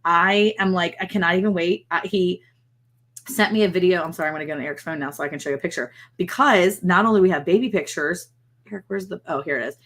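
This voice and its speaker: A woman's voice: fairly low pitch, fast. Chatty middle-aged woman, gushing. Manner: gushing, chatty, animated storytelling. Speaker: livestream host. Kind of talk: casual livestream chat.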